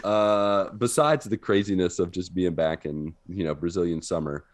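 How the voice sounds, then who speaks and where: A man co-hosting a podcast, telling an animated story in casual chat and laughing often. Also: deep voice, moderate pace. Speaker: podcast co-host. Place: living in Brazil.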